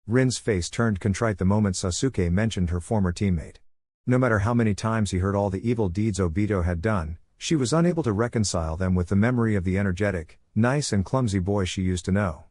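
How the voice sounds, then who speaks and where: A man reading a fan fiction story aloud in an even, steady voice. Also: on the low side, a little fast, dry recording, clean studio sound. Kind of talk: scripted story narration.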